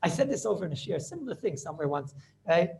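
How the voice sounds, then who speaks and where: A middle-aged rabbi giving an informal yeshiva class. He is animated and rhetorical, keeps asking "right?", and mixes Hebrew and Yiddish terms into his talk. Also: a little high, fast, vocal fry, a little hiss or hum. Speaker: rabbi teaching a halacha class.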